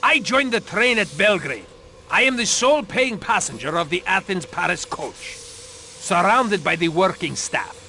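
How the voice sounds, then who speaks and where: Guy doing a touchy proud doctor, radio-drama style, high and bright, very put out. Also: expressive, unhurried, slight background noise, exaggerated voice. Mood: indignant. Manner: haughty, indignant. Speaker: doctor aboard a train.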